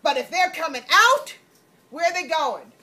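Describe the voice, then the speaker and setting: A woman network marketing trainer giving a lively motivational talk on stage, acting out little scenes and laughing as she goes. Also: very high voice, moderate pace. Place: event room on a cruise ship. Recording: roomy, from far off, light background noise.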